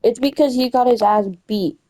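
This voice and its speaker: A young woman with a fairly high but mellow voice rambles through a story as she plays a game. She keeps stopping to correct herself and find her place again. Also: normal speed, rough recording. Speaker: gamer retelling a story. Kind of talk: casual chat while gaming.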